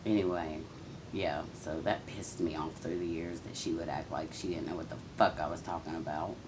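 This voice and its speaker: A woman's voice: rumbling low, fairly even intonation, normal speed, background noise. A woman speaking in a raw, emotional confessional monologue, swearing and venting, often talking straight to people who are not there. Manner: addresses absent people directly.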